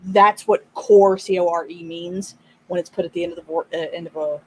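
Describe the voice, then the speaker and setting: A woman's voice: on the low side, steady tone, fairly quick, a loud crowd. A woman on a discussion stream, casually explaining a trend with lots of "like" and "um" fillers. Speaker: panel guest. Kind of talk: casual chat.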